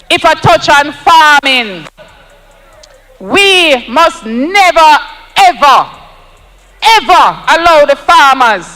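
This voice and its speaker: A man's voice: very high-pitched, bright, forceful tone, long reverb tail, low-quality recording. A Jamaican man giving an emphatic, rousing campaign speech at an outdoor rally, repeating lines for effect. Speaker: political speaker at a rally.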